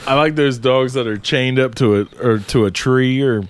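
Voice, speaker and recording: A man's voice: mid-range voice, normal speed, slight background noise. A man who delivers packages, casually telling stories with a lot of laughter and swearing. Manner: profane, laughing storyteller. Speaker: delivery driver. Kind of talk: casual chat.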